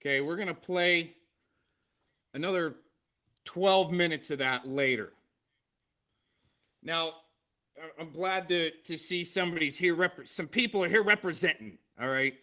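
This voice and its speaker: Halting man hosting a livestream. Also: on the high side, sharp tone. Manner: halting, with restarts, reacting to a clip. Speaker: show host. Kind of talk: casual livestream commentary.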